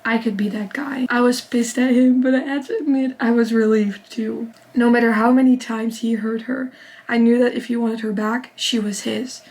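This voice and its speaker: Higher-voiced woman reading a novel aloud. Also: poor audio. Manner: reads in a steady first-person narration, bursting into excited reactions. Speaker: book vlogger.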